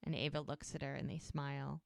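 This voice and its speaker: A woman's voice: extremely low pitch, level tone, brisk, creaky, no room sound, clean studio sound. A woman co-hosting a podcast, casually retelling TV scenes and quoting characters' lines. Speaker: podcast co-host. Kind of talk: casual recap chat.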